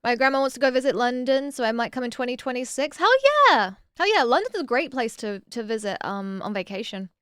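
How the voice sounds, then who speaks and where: A fairly high-voiced woman chats casually on a stream, reading out viewer messages and replying to each. She breaks into excited exclamations now and then. Her voice sits close and dry on a desk mic. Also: fast talker, few pauses, clear, resonant tone, no echo. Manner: chatty, reads viewer messages aloud and answers them.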